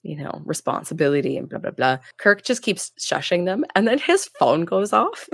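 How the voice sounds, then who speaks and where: Lively, animated woman recapping TV. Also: lowish voice, normal speed, vocal fry, slightly rough, no echo, studio quality. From Canada. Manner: animated, filler-heavy, laughs often. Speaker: podcast co-host. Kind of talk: casual chat recapping a TV episode.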